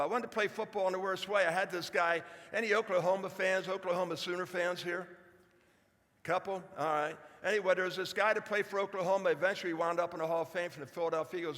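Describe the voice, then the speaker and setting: A man's voice: sits high, steady tone, quick pace, a bit bright, long reverb tail. A man in his seventies gives a folksy, joking speech to a live audience, talking straight to the crowd. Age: 70s. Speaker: speaker. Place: large hall before an audience.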